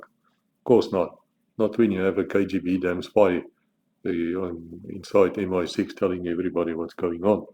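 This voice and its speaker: Deep-voiced man in blunt monologue. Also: mellow. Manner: blunt, sarcastic asides. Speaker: author discussing his book. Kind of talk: casual spoken monologue. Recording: slightly muffled, faint background noise.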